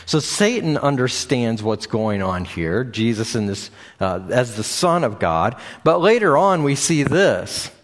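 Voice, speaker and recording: A man delivering a sermon at a middle pitch. He talks off the cuff, stopping often on fillers and restarting phrases as he works through his point. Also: big pitch swings, a little slow, few pauses. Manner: unscripted, with frequent fillers and restarts. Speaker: preacher. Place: church or meeting room with a screen behind him.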